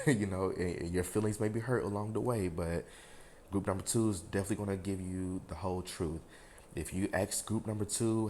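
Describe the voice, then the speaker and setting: A man with a very deep voice gives a casual tarot reading to his viewers. He rambles, leans on fillers and talks frankly, with a bit of swearing. A faint hiss sits under the recording. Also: steady tone, a little fast, mellow. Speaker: tarot reader.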